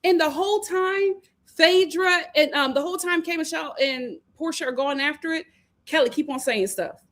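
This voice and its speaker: A woman hosting a live reality TV review in casual chat, animated, laughing and acting out what the cast said. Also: high-pitched, moderate pace. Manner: animated, acts out cast members' lines, laughs often. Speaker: reality TV recap host.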